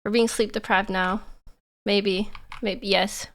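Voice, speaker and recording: A young woman streamer chatting casually with her viewers, excitable and laughing often. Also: mid-range voice, takes it slowly. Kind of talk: casual livestream chat.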